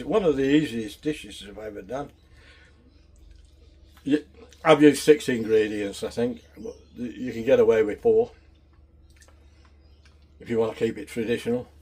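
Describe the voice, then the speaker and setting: Rambling home cook, male, warm mellow tone, easygoing vlogger chat. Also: on the low side, breathy edge. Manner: rambling, chatty and down to earth. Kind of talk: casual chat.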